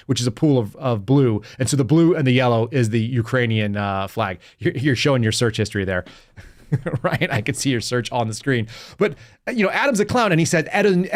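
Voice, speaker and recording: A man hosting a live political podcast, reading news articles aloud and commenting in a combative, sarcastic way. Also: medium pitch. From Texas. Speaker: podcast host.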